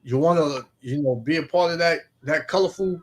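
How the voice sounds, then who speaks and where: Husky laid-back man talking. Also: fairly high pitch, a little fast. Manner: laid-back, drawling, many fillers. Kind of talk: casual chat and scripture reading.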